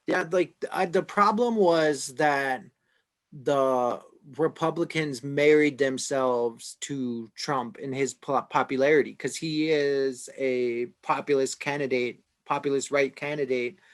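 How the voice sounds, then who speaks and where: A man's voice: mid-range voice, steady tone, slow pace. A man on a podcast panel, talking through politics casually and hesitantly, with many fillers and restarts.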